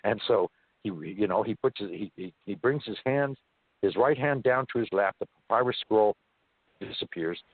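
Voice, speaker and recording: Husky-voiced man telling a story by phone. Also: lowish voice, moderate pace, dry recording. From California. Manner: animated, folksy storyteller. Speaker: interview guest. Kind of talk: first-person storytelling. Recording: dry muffled phone line.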